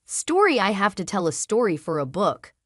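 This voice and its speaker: A woman's voice: medium pitch, big pitch swings, moderate pace, no room sound, studio quality. A woman voicing an eager young schoolboy who asks questions.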